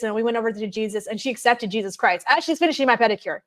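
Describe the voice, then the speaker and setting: A woman's voice: a little high, racing. A woman telling personal stories in a casual, chatty way, peppering her talk with "like". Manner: chatty, many fillers of "like". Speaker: guest. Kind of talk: casual conversational storytelling.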